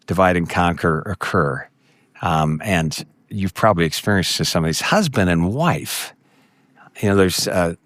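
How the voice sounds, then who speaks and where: A man's voice: a bit bright, no room sound. Storytelling male conference speaker, dry sound. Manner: storytelling, acts out quoted voices with jumps in pitch. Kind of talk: conference talk to ministry workers.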